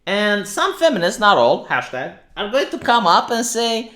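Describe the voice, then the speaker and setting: A man's voice: sits high, big pitch swings, moderate pace, hardly any pauses, sharp tone. A man with a Romanian accent giving opinionated, sarcastic livestream commentary, often restarting his sentences. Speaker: streamer.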